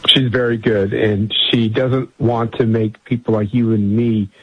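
Man, radio interview guest, husky, measured, earnest, dry dull remote line. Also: fairly low pitch, flat delivery, dry recording. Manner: earnest, measured, with fillers and restarts. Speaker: guest, conservative group chairman.

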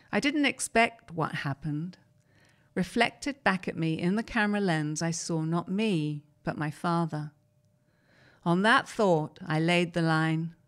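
Low-voiced woman reading articles aloud.

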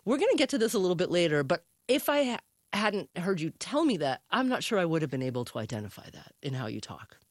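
A woman's voice: on the low side, sing-song, quick pace, no echo, clean studio sound. A woman from Oregon hosting an interview, conversational and thoughtful. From Oregon, US West. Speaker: radio host.

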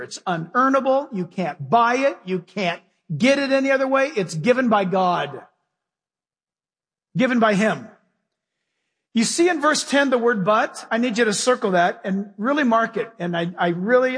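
Male pastor, high and husky, folksy and emphatic, preaching in a church with long hall reverb. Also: fairly bright tone. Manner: emphatic, folksy preaching with direct questions to the congregation. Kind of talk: sermon. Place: church sanctuary with a live congregation.

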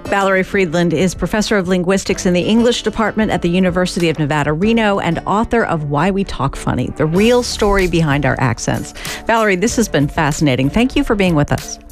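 A woman in her fifties hosting a public radio interview, asking calm, measured questions into a studio microphone. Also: fairly low pitch, faint music behind. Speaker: radio talk show host.

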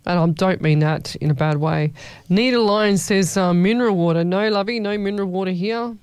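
A woman hosting a radio show, talking in a casual, playful way to her listeners. Her voice is smooth and clear. The studio sound is dry and close. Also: mid-range voice, normal speed, darkish tone, no echo. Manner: chatty, playful, calls listeners lovey. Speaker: radio host. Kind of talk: casual chat reading listener messages.

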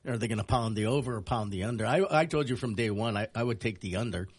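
A man co-hosting a sports radio show, talking in a relaxed and wry way. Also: fairly low pitch, fast talker, slightly rough. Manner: relaxed, wry, self-mocking. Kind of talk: casual studio banter.

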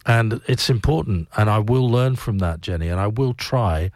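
An English-accented man hosts a breakfast radio show in a loose, rambling way, often backing up and poking fun at himself. His voice sits on the low side. The studio sound is dry and close. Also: moderate pace, darkish tone, dry recording. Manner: rambling and self-deprecating, with many restarts. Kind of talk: casual morning radio chat.

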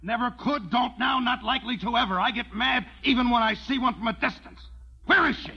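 An actor playing a short-tempered rancher who rants and bellows complaints, in a classic western film. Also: male voice, very high-pitched, a little fast, husky, highs cut off, heavily acted. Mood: ranting. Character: blustering irritable rancher man, short-tempered.

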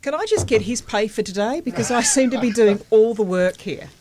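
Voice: medium pitch, expressive, fairly quick, a little mellow. Chatty, bossy radio host. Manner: chatty, bossy, mock-exasperated. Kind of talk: casual on-air banter. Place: radio studio.

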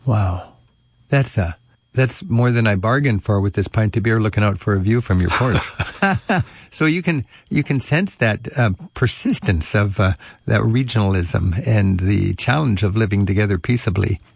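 A man hosting a radio travel show, interviewing a guest in an eager, halting way with many fillers. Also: lowish voice, lively intonation, gravelly, slightly rough, no room sound.

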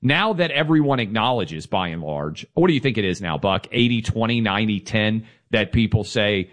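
A man co-hosting a political talk show, making an emphatic, steady argument. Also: on the low side, moderate pace, few pauses. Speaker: co-host. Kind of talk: political talk radio commentary.

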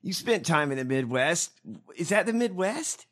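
A man's voice: on the high side, big pitch swings, normal speed, a bit bright. Profane, ranting male podcast host. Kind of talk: casual commentary on clips.

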